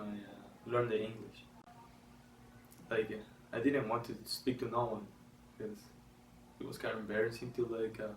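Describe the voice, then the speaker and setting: Young Salvadoran man, Spanish native, hesitant, roomy distant mic, faint hiss. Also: mid-range voice. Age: young adult. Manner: hesitant, many fillers. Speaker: interviewee. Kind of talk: documentary interview.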